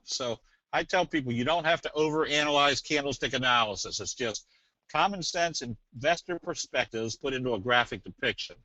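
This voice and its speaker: A man presents a casual webinar in a folksy, rambling manner, like a salesman explaining charts. His voice is bright and forward. The audio is dull and lo-fi, dry with no room sound. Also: mid-range voice, normal speed, no echo. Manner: folksy, rambling, tells jokes.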